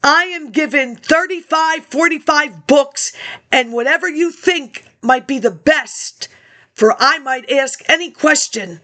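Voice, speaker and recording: A woman's voice: sits high, animated, unhurried, bright, forceful tone. A woman talking in a rambling monologue into a laptop webcam, jumping between topics and reading old documents aloud.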